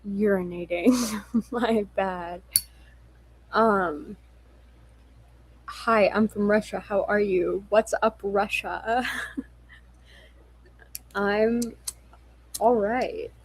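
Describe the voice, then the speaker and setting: A woman's voice: mid-range voice, steady tone, extremely slow, pauses often, husky, low-quality recording. A young woman chatting on a livestream, a little tipsy, giggly and apologetic, swearing casually as she reads comments. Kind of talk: casual livestream chat reading viewer comments.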